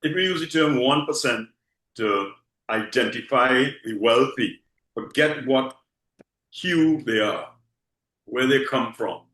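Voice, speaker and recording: A man's voice: medium pitch, lively intonation, slow pace, long pauses, fairly bright tone. Trinidadian guy just chatting, keeps saying okay?, echoey room. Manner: repeats words, leans on rhetorical "okay?". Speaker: guest. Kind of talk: casual conversation.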